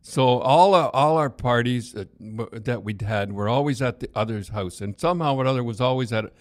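A man's voice: medium pitch, fairly quick, no room sound. Older man telling old hockey stories, loose and rambling, dry close sound. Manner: rambling, with false starts. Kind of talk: casual reminiscing.

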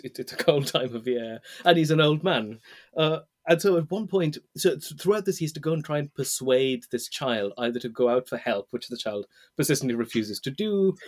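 Host, casual book chat, hesitant, laughs a lot, mid-pitched voice. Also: male voice. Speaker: podcast host.

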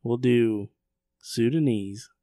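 A man co-hosting a podcast in casual chat, with dry, deadpan, brief remarks. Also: medium pitch, slow pace, no echo. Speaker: podcast co-host.

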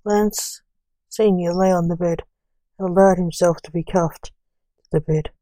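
A woman reading a story aloud in an even, unhurried way, with little change of voice between characters. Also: on the low side, no echo. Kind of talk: read-aloud story narration.

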